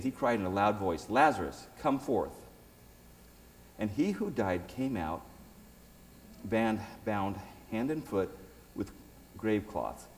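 Low, mellow man reading scripture aloud. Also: in a large hall, slight background noise, poor audio. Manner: reads aloud, breaks off for asides. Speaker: Bible teacher.

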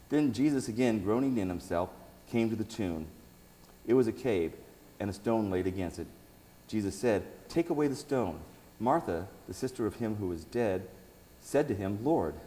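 A man's voice: deep voice, mellow, in a large hall, slight background noise, rough recording. A man reading Bible passages aloud and stopping for short, casual asides. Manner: reads aloud, breaks off for asides. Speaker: Bible teacher. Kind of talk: reading scripture with commentary.

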